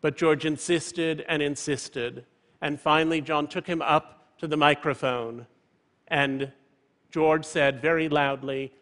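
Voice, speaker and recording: A man in his fifties giving a prepared public talk from a stage, in a measured, eloquent way. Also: a little high, a bit bright. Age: 50s. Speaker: public speaker. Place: stage in a large hall. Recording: reverberant large auditorium.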